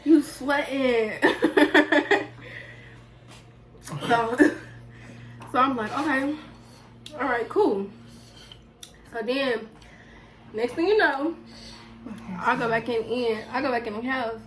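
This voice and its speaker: A young woman talks casually to her camera at home while she eats, retelling a story with animated energy. Her voice sits a touch high. A faint hiss of background noise runs beneath it. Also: slow, long pauses, low-quality recording. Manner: lively, animated retelling with acted quotes. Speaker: vlogger. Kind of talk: casual storytelling during a mukbang.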